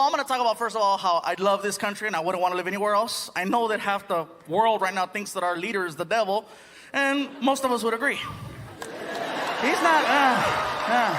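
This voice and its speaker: High-voiced man doing stand-up to a crowd. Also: a little fast. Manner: animated, puts on voices for bits, laughs often. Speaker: stand-up comedian. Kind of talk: stand-up comedy set. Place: live comedy stage with audience. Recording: live show with audience noise.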